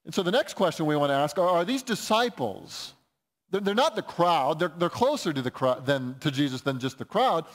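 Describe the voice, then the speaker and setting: A pastor preaching a sermon in a conversational, explaining way, often restarting phrases. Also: male voice, a little high, big pitch swings, a little fast.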